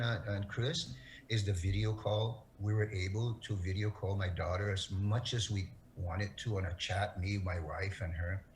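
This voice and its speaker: A middle-aged man from Guam, an interview guest telling his story in an earnest, halting way that repeats words. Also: on the low side, slight background noise, rough recording. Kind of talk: emotional interview testimony.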